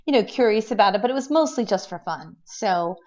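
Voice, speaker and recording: A woman's voice: medium pitch, fairly quick. A middle-aged woman telling a personal story in a casual vlog, rambling with restarts and fillers and acting out what people said. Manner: tends to act out quotes in a lively way. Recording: dull lo-fi recording.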